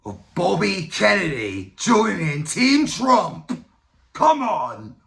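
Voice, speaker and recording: Gravelly man ranting. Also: sits high, takes it slowly. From United Kingdom. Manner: profane, rambling, animated. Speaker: political commentary vlogger. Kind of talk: casual political commentary.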